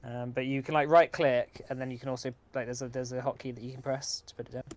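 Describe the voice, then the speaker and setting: A young man running a tabletop session, easygoing and full of little pauses and fillers. His voice sits at an ordinary middle pitch. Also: a little hiss or hum. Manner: relaxed, hesitant, many filler sounds. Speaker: game master. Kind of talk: running a tabletop game online.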